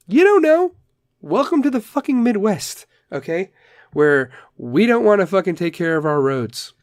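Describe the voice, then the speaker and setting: A man's voice: high-pitched, big pitch swings, normal speed, no room sound, clean studio sound. A man hosting a casual solo podcast, ranting in a rambling, profane way and telling dad jokes. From Chicago area. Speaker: podcast host.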